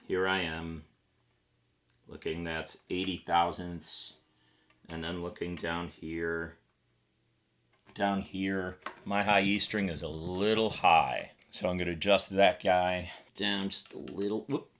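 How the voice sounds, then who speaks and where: A man's voice: sits low, steady tone, slow pace, a bit bright, slight background noise. Casual American man explaining guitar setup. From United States. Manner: chatty and informal, explaining step by step while working on a guitar. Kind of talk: casual tutorial demonstration.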